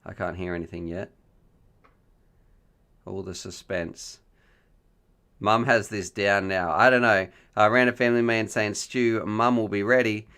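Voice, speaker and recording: A man's voice: on the low side, unhurried, a bit bright, clean tone. A man hosting a casual live stream on a headset mic. He chats, jokes and reads viewer questions aloud. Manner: chatty, joking, reads chat messages aloud.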